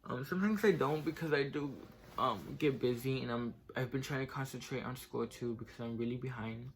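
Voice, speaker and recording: A man's voice: medium pitch, fairly quick. A young man casually telling a personal story in a vlog, filling his talk with "like" and "right?", getting emotional and tearful as he goes on. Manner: casual, fills speech with "like" and "right?". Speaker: vlogger.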